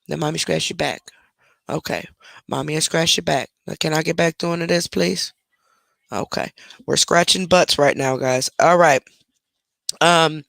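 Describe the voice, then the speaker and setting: A woman's voice: deep voice, normal speed, creaky, a bit bright, no echo. A middle-aged woman chatting casually on a home live stream, talking to her viewers and breaking off to scold her dog. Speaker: livestream host. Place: at home, indoors. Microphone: desk microphone close up.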